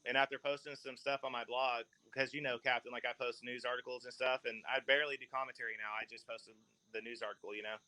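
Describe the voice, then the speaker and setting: A man's voice: mid-range voice, level tone, fast, few pauses, sharp tone, low-quality recording. A man hosting a casual podcast chat, telling long rambling stories with laughs mixed in. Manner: rambling storyteller, laughs mid-sentence. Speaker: podcast host.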